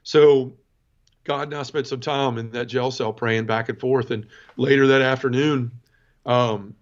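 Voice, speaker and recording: A man's voice: medium pitch, fairly even intonation, measured pace. A man in his forties, a podcast guest, telling a personal testimony in an earnest, conversational way and often turning to the host. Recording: dull lo-fi sound.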